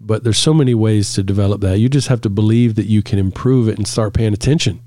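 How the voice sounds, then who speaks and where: Low-voiced man telling stories. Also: quick pace, no room sound, clean studio sound. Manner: relaxed storytelling, laughs often. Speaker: couples therapist and podcast co-host. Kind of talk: casual podcast conversation.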